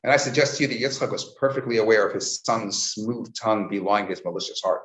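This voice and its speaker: A man teaching Torah as a rabbi, telling stories and acting out quotes in a lively way. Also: fairly low pitch, quick pace. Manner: storytelling with lively voiced quotes. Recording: echoey, slightly dull recording.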